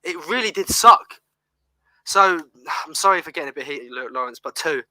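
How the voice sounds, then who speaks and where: Brief: male guest, very bright sharp tone, fairly high voice, heated exasperated rant. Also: lively intonation, moderate pace, dry recording, poor audio. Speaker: panel guest. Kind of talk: casual heated fan rant.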